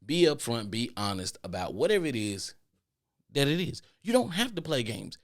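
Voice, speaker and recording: Guy ranting solo on his podcast, all worked up, keeps repeating himself and cussing. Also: normal speed. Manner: animated ranting with mocking falsetto impressions; repeats phrases for emphasis, swears freely. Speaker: podcast host.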